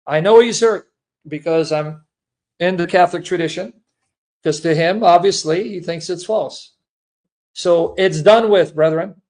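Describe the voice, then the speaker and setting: A man's voice: high-pitched, measured pace, a little mellow. A man speaking earnestly and emotionally to his viewers, a Christian apologist who repeats himself and calls them brethren. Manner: earnest, repetitive, addresses listeners as brethren.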